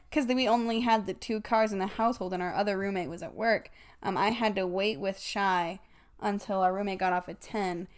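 A young woman co-hosting a casual podcast, rambling through a long story with plenty of swearing and laughter. Her pitch sits in the middle for a woman, and she talks in a loose, unpolished way. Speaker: podcast co-host.

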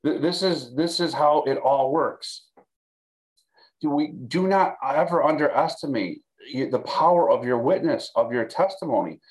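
A man's voice: fairly high pitch, lively intonation, normal speed, low-quality recording. A man teaching a Bible study for a video, talking in a conversational way with frequent restarts and check-ins with his listeners. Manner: conversational, repeats words, fillers, checks in with "okay?". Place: recorded for video.

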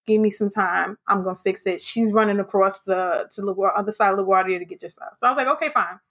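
Podcast host, woman, bright tone, animated storyteller, salty language. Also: mid-range voice, fast, slightly rough. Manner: animated, swearing, acts out quotes. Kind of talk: casual storytelling chat.

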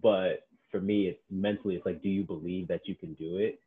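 Speaking low and briskly, a man who works as a personal trainer swaps stories in a casual podcast chat. He animatedly acts out his clients' quotes, and the audio has a thin, phone-like quality.

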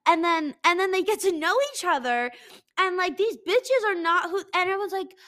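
A young woman hosting a podcast on a headset at her desk, ranting in a profane, animated, mock-angry way. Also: very high-pitched, fairly quick. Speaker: podcast host. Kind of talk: casual comedic rant. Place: home desk.

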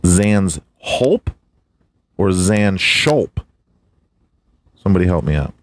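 A man's voice: sits low, animated, slow, no echo. A man hosting a casual solo podcast, swearing a lot, laughing, and fumbling through hard names. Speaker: podcast host.

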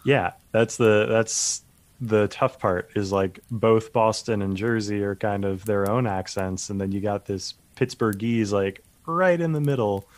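A man's voice: on the low side, a little slow, no echo. A man co-hosting a podcast, chatting casually and easily with some nerdy enthusiasm. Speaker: podcast co-host. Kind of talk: casual chat.

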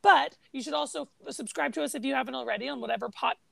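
Gravelly high-voiced chatty woman. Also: rapid-fire, fairly bright tone, no room sound. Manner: chatty, laughs often, rambling restarts. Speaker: podcast co-host. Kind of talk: casual chat.

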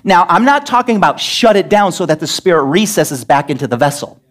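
A pastor delivering an emphatic sermon in a church, scolding and asking rhetorical questions. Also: male voice, high-pitched, sing-song, fairly quick. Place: church sanctuary.

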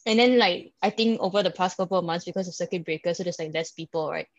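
A woman's voice: lowish voice, fast, dry recording. A woman with a Singaporean English accent, co-hosting a podcast in casual, chatty talk full of "like" and "right?". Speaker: podcast co-host. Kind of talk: casual chat. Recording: dry, slightly dull sound.

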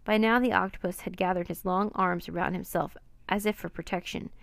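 Gravelly woman reading a children's story. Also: lowish voice, steady tone, brisk, no room sound. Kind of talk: children's book read aloud.

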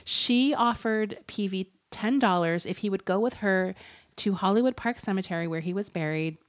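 A woman's voice: medium pitch, moderate pace. A woman co-hosting a casual podcast, telling a true crime story with lots of fillers, laughs and the odd swear. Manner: chatty and giggly, swears, uses lots of fillers. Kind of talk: casual chat.

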